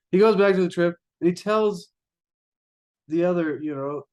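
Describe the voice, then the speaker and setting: A man reading from a spiritual book and retelling a fable in a casual, rambling way, addressing listeners as ladies and gentlemen. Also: high voice, unhurried. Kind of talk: reading aloud with spoken commentary.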